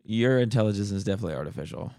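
A man's voice: fairly low pitch, animated, rapid-fire, gravelly, dark tone, no echo, studio quality. A man co-hosting a casual podcast, teasing and sarcastic in his banter. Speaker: podcast co-host and editor.

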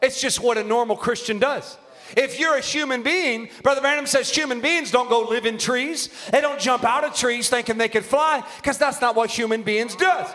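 A young man preaching an impassioned sermon in a church, shouting at the peaks and quoting scripture. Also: very high-pitched, normal speed. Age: young adult. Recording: long hall reverb.

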